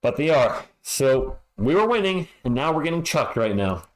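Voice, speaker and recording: A man's voice: fairly high pitch, big pitch swings, normal speed, rough recording. A man hosting a fan livestream, reading halftime stats and chat messages with frustrated, sarcastic commentary.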